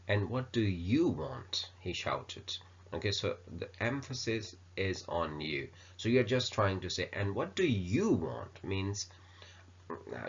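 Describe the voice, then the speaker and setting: A man teaching an English grammar lesson, explaining slowly with many ums and uhs. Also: low voice, fairly bright tone, husky. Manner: unhurried explaining with many fillers. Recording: dull lo-fi recording.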